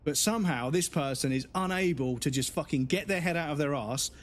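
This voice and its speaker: A man's voice: fairly high pitch, brisk. A man streaming a game, a father, ranting bluntly and swearing in casual talk. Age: adult with children. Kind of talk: casual live-stream rant.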